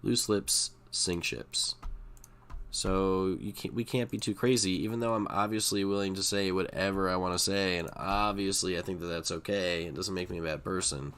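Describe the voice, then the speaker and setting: A man's voice: deep voice, steady tone, brisk, few pauses, fairly bright tone, clean tone. A middle-aged man chatting casually and profanely while streaming poker, rambling and getting worked up. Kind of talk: casual live-stream chat.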